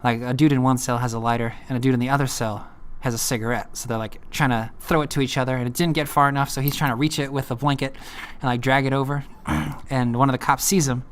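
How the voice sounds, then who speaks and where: A laid-back man spinning a story in loose vlog fashion, his voice at an ordinary middle pitch. He rambles along, leaning on filler words. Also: fairly even intonation, quick pace, clear, resonant tone. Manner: rambling, laid-back, full of "like" and "you know". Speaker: uncle telling his own story.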